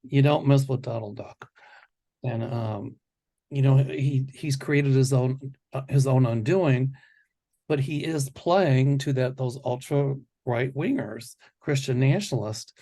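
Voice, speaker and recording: A man's voice: medium pitch, slow pace, warm tone. A man hosting a psychic predictions show, talking in a rambling, confident, casual way. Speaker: psychic host.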